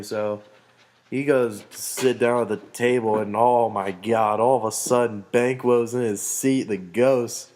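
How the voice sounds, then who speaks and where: A man's voice: on the low side, steady tone, unhurried, darkish tone. A young man rambling through a comic retelling of a play for school, slangy with dry asides. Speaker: student presenter.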